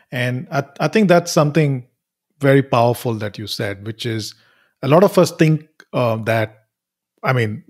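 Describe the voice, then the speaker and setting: A man's voice: mid-range voice, a little mellow. A man hosting an interview podcast, speaking casually with frequent restarts and affirmations. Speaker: podcast host.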